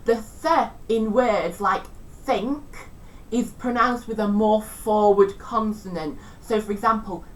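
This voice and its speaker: A woman's voice: mid-range voice, takes it slowly, far from the mic, poor audio. Chatty woman teaching a revision lesson. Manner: chatty, self-deprecating, tries out regional accents.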